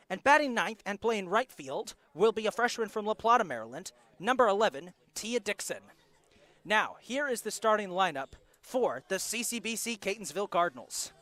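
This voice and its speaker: The lineups for a live college softball broadcast come from a male play-by-play announcer whose voice sits high. He stays steady in his delivery and quickly catches and corrects his slips.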